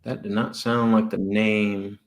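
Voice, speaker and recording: A man's voice: lowish voice, level tone, measured pace, soft background music. A man hosting a live stream as a sales coach, casually musing aloud and chuckling between phone calls to property sellers. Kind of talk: casual live-stream chat while cold calling.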